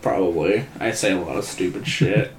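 A man's voice: deep voice, normal speed. A young man in casual chat, telling rowdy, laughing stories full of swearing. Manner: laughing, swearing storyteller who acts out his dad loudly. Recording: echoey room, faint noise.

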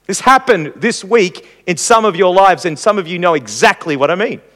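A man teaching a church class in sermon style, animated and acting out everyday examples. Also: normal speed. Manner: animated, acts out examples with rising pitch. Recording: long reverb in a hall.

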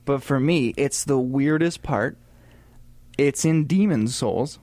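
Sohbet eden, canlı anlatımlı bir erkek. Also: male voice, mid-range voice, slow, dry recording. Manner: chatty, rambling, animated asides. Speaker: podcast co-host. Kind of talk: casual gaming podcast chat.

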